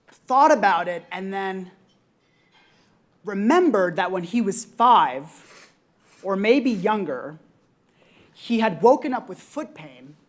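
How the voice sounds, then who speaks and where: A young adult woman on a conference panel, earnestly telling a personal story with frequent ums and reflective pauses. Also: medium pitch.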